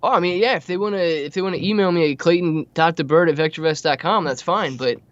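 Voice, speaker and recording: A man's voice: a little high, fast, a bit bright, no echo, highs cut off. A laid-back man co-hosting a market show, joking easily with the host. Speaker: co-host analyst. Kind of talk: casual chat.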